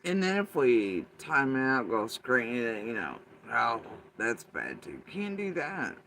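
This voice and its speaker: A man hosting a livestream, ranting casually and swearing, swinging between loud outbursts and low muttering. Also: huge pitch swings, slow. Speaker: livestream host.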